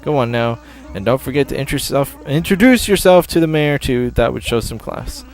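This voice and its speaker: A man's voice: mid-range voice, animated, a little fast, lightly acted. A man voicing a friendly raccoon shopkeeper in a game, giving chummy, instructive advice.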